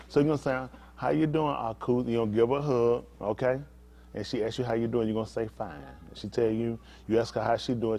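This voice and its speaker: A man preaching as a pastor, coaxing and teasing volunteers from the congregation in a playful way. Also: medium pitch.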